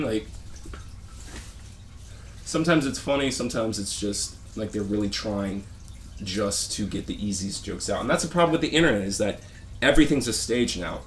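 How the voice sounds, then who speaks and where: A man's voice: fairly low pitch, expressive, a little hiss or hum. A man vlogging a rambling complaint, sarcastic and dismissive, stopping and restarting his sentences often. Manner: halting, rambling rant with frequent restarts.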